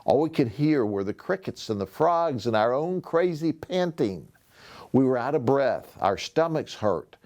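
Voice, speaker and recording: Male sheriff reading aloud to kids; slow, expressive, lively pitch. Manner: expressive storytelling. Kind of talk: reading a novel aloud to schoolchildren.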